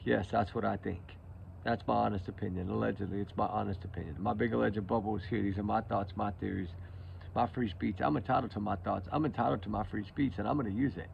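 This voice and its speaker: A man's voice: lowish voice, fairly even intonation, a little fast, vocal fry, dull audio, a little hiss or hum. A tired man hosting his own channel, rambling emphatically and repeating himself as he shares opinions with viewers. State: exhausted from lack of sleep. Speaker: true crime commentary channel host. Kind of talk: casual opinion monologue to viewers.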